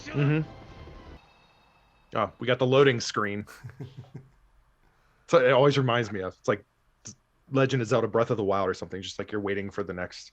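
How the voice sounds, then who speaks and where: A man's voice: fairly low pitch, steady tone, normal speed, pauses often, lo-fi sound. A man thinking aloud and laughing often as he reacts to a show he is watching for the first time. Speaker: anime reaction host. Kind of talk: casual reaction commentary.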